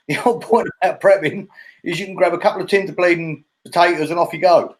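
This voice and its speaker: A man's voice: high-pitched, steady tone, a little fast. A man hosting a casual chat, with jokey, blunt banter. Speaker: host.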